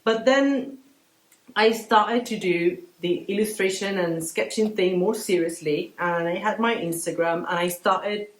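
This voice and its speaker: Woman guest, thirties, lively storyteller, slight room echo. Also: medium pitch, measured pace. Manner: animated storytelling, acts out quoted voices. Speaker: guest artist. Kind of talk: casual interview chat. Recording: roomy echo.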